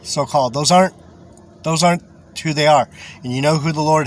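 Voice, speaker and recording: A man's voice: a little high, a little fast, pauses often, slight background noise. A man giving rambling religious commentary, chuckling often, repeating himself and swearing.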